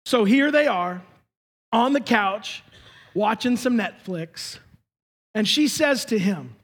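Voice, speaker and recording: Very high-voiced man preaching emphatically. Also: animated, takes it slowly, long pauses, husky. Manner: emphatic, swings between shouting and hushed asides. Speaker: pastor. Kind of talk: sermon.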